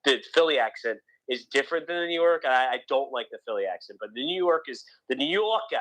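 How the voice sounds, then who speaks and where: A man's voice: medium pitch, lively intonation, quick pace, a bit bright, low-quality recording. Opinionated East Coast man rambling. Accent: slight Philadelphia. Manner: rambling, restarts often, opinionated. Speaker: podcast co-host. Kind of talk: casual chat.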